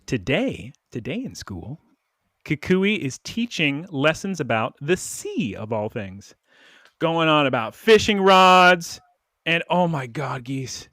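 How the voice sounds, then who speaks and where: A man's voice: on the high side, sing-song, slow, bright, forceful tone, no echo, clean studio sound. A man co-hosting a podcast, recapping an episode in casual chat and slipping into little character voices. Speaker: podcast co-host.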